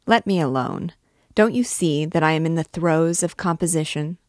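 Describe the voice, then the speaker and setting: A woman's voice: low voice, moderate pace, darkish tone, no echo, studio quality, natural voice. A woman voicing a vain, wordy male poet who rambles and boasts about his clever plans. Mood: musing. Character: vain chattering male poet, pleased with himself.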